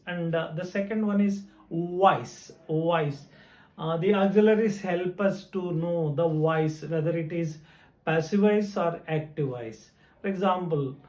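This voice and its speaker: Male English teacher with a Telugu accent, unhurried and halting, recorded in a roomy space. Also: on the high side, darkish tone. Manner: slow and deliberate, many hesitations, repeats example sentences. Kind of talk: grammar lesson.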